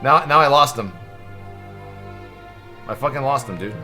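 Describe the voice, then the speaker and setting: A young man hosting a live stream, stressed and excitable, swearing and thanking subscribers in quick bursts. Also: mid-range voice, soft background music. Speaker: livestream host. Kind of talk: live reaction stream chatter.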